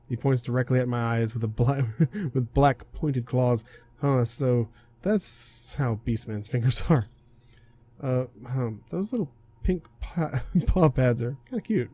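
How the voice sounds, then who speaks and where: Here a game streamer, a young man with a mellow, medium-pitched voice, reads a visual novel out loud at a measured, expressive pace. He's relaxed about it, stumbling on words, laughing, and fixing his mistakes as he goes.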